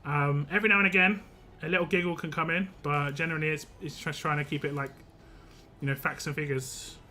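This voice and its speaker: A man's voice: a little high, steady tone, a little fast, sharp tone. A young man streaming a game live, chatting casually with viewers, rambling and laughing often.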